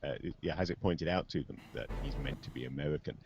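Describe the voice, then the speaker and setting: A man's voice: very deep voice, quick pace, vocal fry, soft background music. A man joking dryly as a tabletop game player in a casual session. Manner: dry joking, animated.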